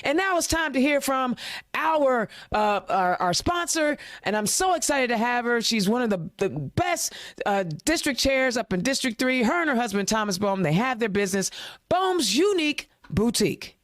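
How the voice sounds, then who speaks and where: A woman's voice: on the high side, big pitch swings, moderate pace, no echo, studio quality. A woman hosting a political talk show, ranting with passion and firing rhetorical questions, then chatting informally. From Indiana. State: a little choked up. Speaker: host.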